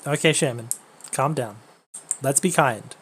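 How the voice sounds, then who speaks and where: A woman's voice: rumbling low, a little slow, a little hiss or hum. A woman streaming a game, chatting casually and playfully with her chat. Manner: playful, breaks into silly voices.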